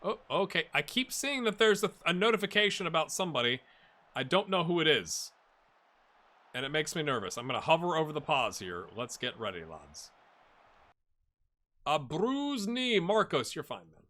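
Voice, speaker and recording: A man's voice: fairly high pitch, normal speed. A middle-aged man giving chatty commentary on his football management game and talking to his viewers. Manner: animated, chatty, talks to viewers and players. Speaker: gaming YouTuber. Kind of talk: casual Let's Play commentary.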